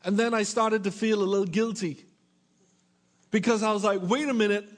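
High-voiced preacher asking drawn-out questions. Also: male voice, steady tone. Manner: drawn-out emphatic questions, playful asides. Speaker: pastor. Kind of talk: sermon. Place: church with congregation.

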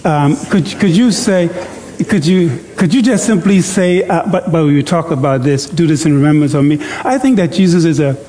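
A male preacher giving an interactive sermon in church. He jokes, coaxes the congregation into call-and-response, and reads scripture slowly and deliberately. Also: fairly high pitch, mellow, big-room sound.

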